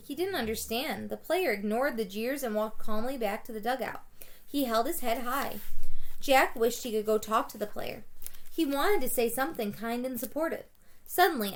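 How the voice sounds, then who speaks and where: Teacher reading a children's book aloud. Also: female voice, on the high side, lively intonation, moderate pace. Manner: plain storybook reading with small self-corrections, livelier on shouted quotes.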